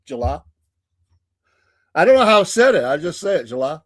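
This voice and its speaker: A man's voice: sits high, big pitch swings, very fast, fairly bright tone, dry recording, clean studio sound. Folksy Southern man hosting a morning show. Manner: folksy, laughs often between remarks. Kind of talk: casual chat.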